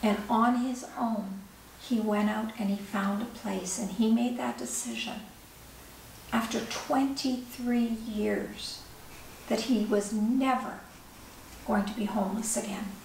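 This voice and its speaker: A woman's voice: fairly high pitch, fairly even intonation, takes it slowly, vocal fry, darkish tone. Older woman author telling a story in an echoey room, heard from a distance with faint hiss. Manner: vivid storyteller who acts out dialogue. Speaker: author and speaker. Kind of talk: personal storytelling talk.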